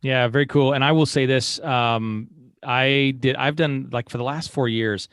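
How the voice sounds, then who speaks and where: A man hosting a podcast, asking questions in a relaxed way and often correcting himself. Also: medium pitch, normal speed, clear, resonant tone, no echo, studio quality. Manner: relaxed, laughs easily, self-correcting. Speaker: podcast host. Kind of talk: casual interview chat.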